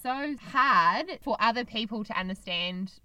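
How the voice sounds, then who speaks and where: Bright, dry-sounding woman musing earnestly. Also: on the high side, animated, unhurried, dry recording, dull audio. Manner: earnest, reflective, opinionated. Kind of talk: casual chat.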